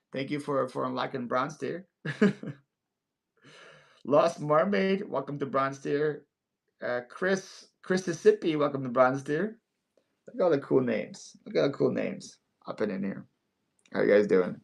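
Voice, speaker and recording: A man hosting a casual livestream sale, playful and quick to laugh, often stammering and repeating words. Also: mid-range voice, expressive, vocal fry, a little mellow. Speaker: live online seller host.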